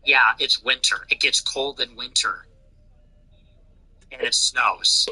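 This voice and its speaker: A man's voice: mid-range voice, takes it slowly, long pauses, bright, forceful tone, husky, rough recording. A man hosting a livestream, talking in a casual, mocking, rambling way and swearing often. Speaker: livestream host.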